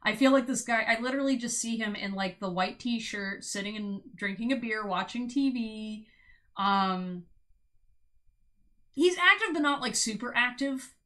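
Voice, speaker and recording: Young female tarot streamer, casual and giggly, bright slightly high voice. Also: moderate pace. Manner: bubbly, giggly, exclaims loudly, many "like"s.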